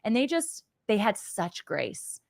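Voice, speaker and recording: A woman's voice: mid-range voice, sing-song, slow, creaky, no echo, clean studio sound. A woman speaking as a podcast guest, earnest and reflective, often laughing as she talks. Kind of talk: conversational interview.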